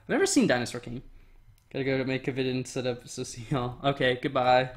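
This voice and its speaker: A young man talks loosely through a livestream at his desk mic, drifting between thoughts and reading chat aloud. His speech is relaxed and rambling, full of ums and half-finished sentences. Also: mid-range voice, quick pace.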